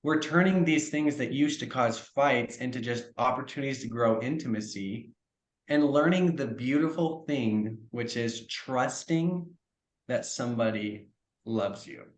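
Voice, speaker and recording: A man's voice: mid-range voice, a little slow. Earnest man in an echoey room. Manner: earnest, reflective, acts out example dialogue. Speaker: trauma coach, podcast guest. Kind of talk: conversational podcast interview.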